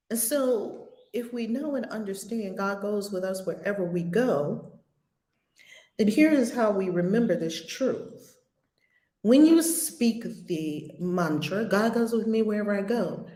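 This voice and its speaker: A woman leading a spiritual lesson, speaking slowly and with emphasis and repeating phrases like a mantra. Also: medium pitch. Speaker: spiritual teacher. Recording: roomy echo.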